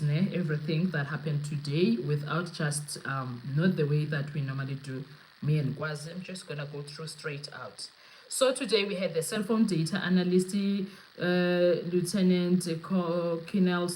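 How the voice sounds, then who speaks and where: A woman's voice: deep voice, low-quality recording. Chatty South African woman hosting a live podcast. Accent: South African, mixing in Zulu. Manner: animated, chatty, code-switching, laughing often. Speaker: podcast host. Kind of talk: casual live-stream commentary.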